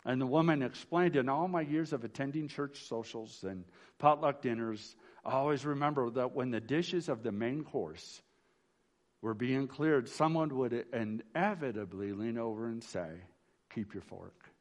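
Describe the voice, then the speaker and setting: A man's voice: medium pitch, moderate pace. A man, a pastor, giving a memorial sermon in a folksy storytelling way, often restarting phrases and asking "right?". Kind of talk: funeral sermon.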